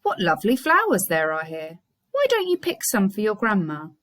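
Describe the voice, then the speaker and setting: A woman's voice: medium pitch, huge pitch swings, moderate pace, fairly bright tone. A woman voicing a sly, hungry male wolf in disguise while reading a story aloud.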